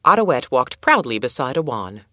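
A woman reading a children's storybook aloud in a calm, measured way. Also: a bass voice, dry recording, studio quality. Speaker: narrator.

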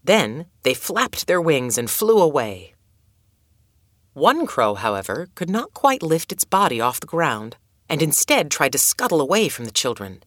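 Low, measured woman reading a story. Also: sing-song, no room sound, clean studio sound. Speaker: narrator.

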